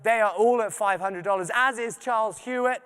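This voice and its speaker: Man, high and clear-toned, live fundraising host reading donor names with jokes, long hall reverb. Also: normal speed, a bit bright. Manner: reads donor names, thanks them, joking asides. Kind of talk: live charity donation appeal. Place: large arts center venue.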